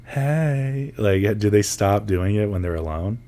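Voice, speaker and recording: A man's voice: lowish voice, steady tone, moderate pace, dark tone. A man co-hosting a podcast in casual chat, laughing often and acting out voices as he tells stories. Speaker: podcast co-host.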